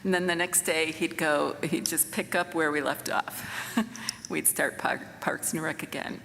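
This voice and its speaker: A woman in her sixties delivering a memorial eulogy, unhurried and tender, pausing often and breaking into soft rueful laughs. Her voice carries a long reverberant tail from a church sanctuary, with a faint hum of room ambience behind it. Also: deep voice, fairly even intonation, creaky. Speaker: mother of the deceased giving a eulogy.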